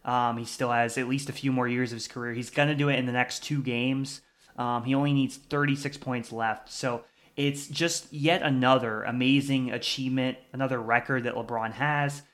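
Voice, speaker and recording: A man's voice: medium pitch, fairly even intonation, normal speed, fairly bright tone. Chatty man talking college basketball. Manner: chatty, frequent restarts and fillers. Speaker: sports podcast co-host. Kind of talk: casual sports talk.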